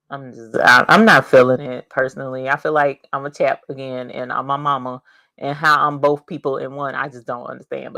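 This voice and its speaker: Woman live-streaming, rambling chatty talk, bright forceful voice, dry close sound. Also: deep voice, no echo. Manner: chatty, rambling, greets and reads out viewer comments; animated, with bursts of laughter and cheering. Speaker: livestream host and crafter. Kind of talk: casual livestream chat. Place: home craft studio.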